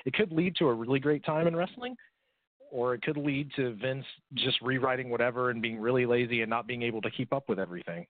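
A man's voice: medium pitch, quick pace, no echo. A man co-hosting a casual podcast, laid-back, laughing often and swearing. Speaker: podcast co-host. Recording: tinny phone-like line, dry.

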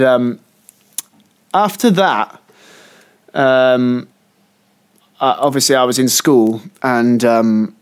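A man co-hosting a casual podcast chat, telling long stories that wander, trail off and restart as he goes. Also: mid-range voice. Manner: rambling storyteller who often trails off and restarts. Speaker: podcast co-host.

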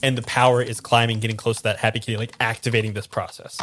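A man's voice: mid-range voice, little pitch movement, fast, a bit bright, a little hiss or hum. Casual, rambling game master man. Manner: casual, rambling with many fillers. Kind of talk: narrating a tabletop game.

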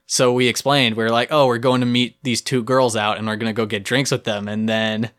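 A man's voice: medium pitch, flat delivery, brisk, fairly bright tone. A young man co-hosting a podcast, telling a story vividly and playfully in casual chat. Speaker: podcast co-host.

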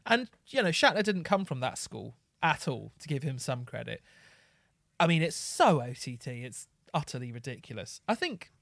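A man's voice: mid-range voice, dry recording, studio quality. A man co-hosting a podcast, reflecting in casual chat with asides and fillers. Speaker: podcast co-host.

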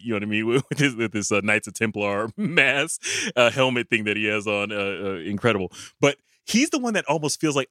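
A man co-hosting a podcast, talking about films casually with halting restarts and frequent laughs. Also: mid-range voice, lively intonation, sharp tone, dry recording, studio quality. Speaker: podcast co-host. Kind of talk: casual film discussion.

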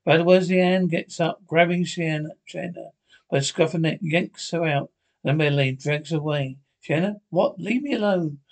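A man's voice: fairly high pitch, little pitch movement, normal speed, gravelly. A man reading a science fiction episode script aloud, often stumbling and restarting words. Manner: stumbling, frequent restarts and slips. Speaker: podcast reader.

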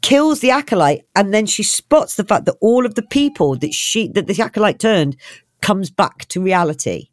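Animated woman acting out scenes. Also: medium pitch, normal speed, no room sound. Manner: animated, acts out scenes with voices and sound effects. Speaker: podcast co-host. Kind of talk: casual chat.

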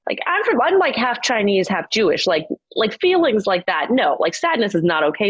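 A woman in her thirties, a startup founder, tells her story candidly in a mid-range, lively voice at a fairly quick clip. She's chatty, leaning on "like" and frequently restarting sentences. The audio is dry, muffled, and lo-fi.

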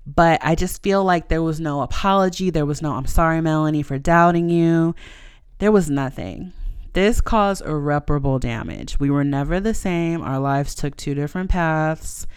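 Candid young woman, smooth dry voice. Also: low-pitched, expressive, moderate pace, no echo. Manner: emotional, frank, swears casually, many fillers. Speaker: podcast host. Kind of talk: candid personal storytelling.

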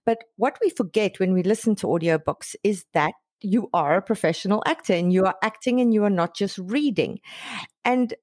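A woman's voice: mid-range voice, moderate pace, darkish tone, dry recording, clean studio sound. A woman hosting a podcast interview, chatting in a self-deprecating, explanatory way. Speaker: podcast host and author.

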